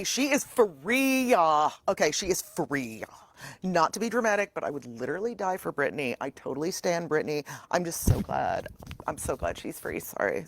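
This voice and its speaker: A man's voice: a little high, dry recording. Man playing a gushing young rich fangirl type. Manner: bubbly, dramatic, filler-heavy slang. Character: gushing young rich social-media fan. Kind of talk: comedy improv character.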